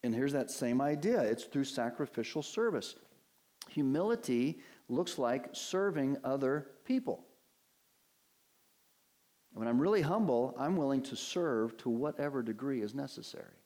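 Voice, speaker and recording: A man's voice: mid-range voice, animated, a little slow, dark tone. An earnest male pastor delivers a sermon from the pulpit, pressing his points with emphatic rhetorical questions. His voice sits in a middle register. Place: church sanctuary at a pulpit.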